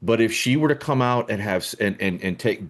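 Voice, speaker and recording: A man with a somewhat low voice offers his view on a talk show. He restarts his sentences and repeats words while he looks for the right phrasing. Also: lively intonation, fairly quick. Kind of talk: casual political talk show discussion.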